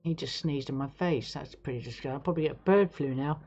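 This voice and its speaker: A woman host on a casual live stream, talking in a lowish voice with a loose, frank, chatty manner. She swears freely. The sound is a little dull and lo-fi. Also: quick pace, a little mellow, soft background music. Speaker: livestream host.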